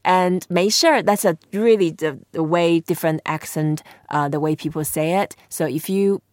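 A woman with a Chinese accent hosting a language lesson podcast, who repeats phrases slowly like a patient teacher. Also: lowish voice, a little mellow, dry recording, studio quality.

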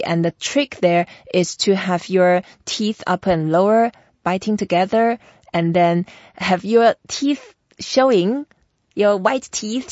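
A woman's voice: medium pitch, a little mellow, dry recording. A woman hosting a language lesson who patiently explains and models each sound, step by step, for her guest to repeat. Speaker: Chinese language teacher and host. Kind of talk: teaching pronunciation in an interview. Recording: dull, muffled lo-fi sound.

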